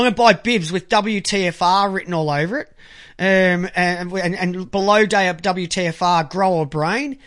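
A man ranting crudely to camera, halting when he reads aloud. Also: high voice, a bit bright. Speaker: vlogger. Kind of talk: angry profane monologue to camera.

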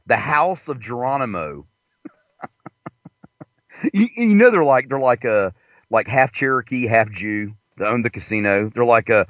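Man, crude stand-up rambling, lively swooping voice, dull lo-fi sound, dry car interior. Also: medium pitch, unhurried, pauses often, no echo. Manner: rambling, profane, jokey. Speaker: comedian host. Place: inside a parked car.

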